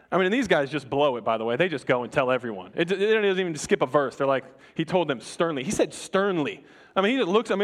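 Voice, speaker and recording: A young adult man preaching a sermon to a congregation in a conversational, animated way, often restarting his sentences and acting out the people in the story. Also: high voice. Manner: conversational, animated, self-interrupting. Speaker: pastor. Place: church before a congregation.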